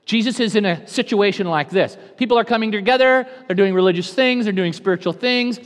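A man from California preaching a sermon in a church, swinging from hushed, intimate moments to loud, dynamic proclamation. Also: high-pitched, fairly quick. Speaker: pastor. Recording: long hall reverb.

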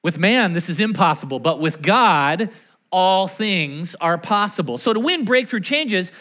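A man's voice: high-pitched, measured pace. A man preaching a sermon as a pastor, leading the congregation to repeat lines and acting out stories and quotes. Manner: animated, acts out anecdotes and quotes; leads the congregation in call-and-response.

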